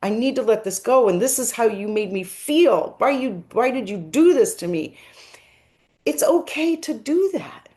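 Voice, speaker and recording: A woman working as a spiritual medium, gently and earnestly explaining a message in a reflective monologue. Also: medium pitch, animated, moderate pace, hardly any pauses.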